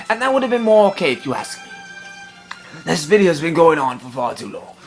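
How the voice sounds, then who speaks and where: A man giving a comedic film review in a pompous, affected gentlemanly put-on voice, indignant and long-winded. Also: sits high, lively intonation, fast talker, soft background music. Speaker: movie reviewer.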